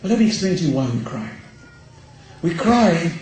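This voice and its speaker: A man's voice: a little high, very animated, normal speed, pauses often, a little mellow, a little hiss or hum. A man giving a passionate Muharram sermon, driving his points home with rhetorical questions. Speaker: religious lecturer. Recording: very echoey hall.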